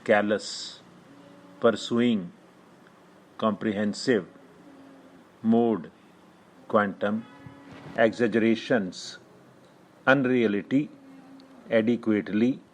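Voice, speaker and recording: A man reads a dictation list one word at a time, leaving measured pauses between words. His voice is husky and sits on the low side. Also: steady tone, poor audio. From India. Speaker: shorthand teacher.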